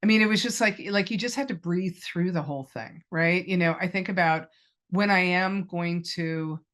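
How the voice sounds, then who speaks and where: A woman's voice: on the low side, normal speed, fairly bright tone. A woman in her fifties, a cancer patient, telling her personal story in an interview in a candid, reflective way, with many ums. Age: 50s. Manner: candid and reflective, with frequent fillers.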